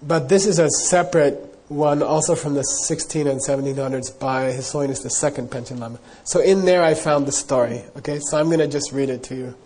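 A man giving a dharma talk, telling a story casually and wandering with plenty of fillers. His voice sits a bit high, mellow and slightly husky. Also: steady tone, brisk, hardly any pauses. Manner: casual, rambling, many fillers. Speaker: Buddhist teacher.

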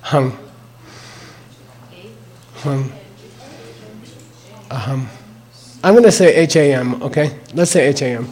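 A man's voice: a little high, animated, darkish tone. An older man teaching the sounds and meaning of a mantra, spelling words out and checking in with "okay?" after each point. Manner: slow and deliberate, repeats words and checks with "okay?".

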